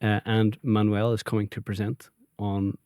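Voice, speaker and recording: A Northern Irish family business owner, a guest, tells stories in a friendly, conversational interview and laughs easily. His fairly low voice is mellow, clear, and resonant with little pitch movement at a moderate pace, recorded echo-free at studio quality.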